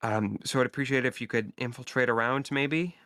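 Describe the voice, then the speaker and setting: A man's voice: mid-range voice, steady tone, brisk, bright, forceful tone, dry recording, studio quality, close to an everyday voice. A man voicing a colony official in a tabletop game, who politely asks for help with a nuisance and sounds mildly exasperated. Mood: mildly annoyed.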